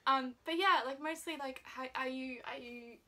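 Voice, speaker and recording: Young woman, twenties, casual chat, giggly, rambling, bright tone. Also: high voice, normal speed, a little hiss or hum. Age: 20s. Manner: giggly, filler-heavy, rambling questions. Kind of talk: casual chat between friends.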